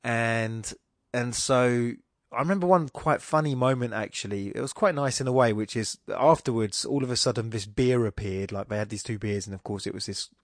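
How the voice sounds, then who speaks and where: A man's voice: mid-range voice, moderate pace, no room sound. Wry rambling man, dry close sound. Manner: rambling, self-interrupting, wry asides. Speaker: podcast host. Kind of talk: casual monologue.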